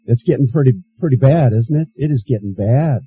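A man's voice: medium pitch, fairly quick, mellow, low-quality recording. A man preaching a sermon as pastor, reading scripture aloud and repeating key phrases for emphasis.

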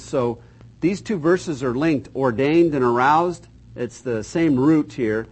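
A man's voice: mid-range voice, takes it slowly, a little mellow, breathy edge, rough recording. An older man teaching a Bible class in a folksy, joking way, reading scripture aloud with emphasis.

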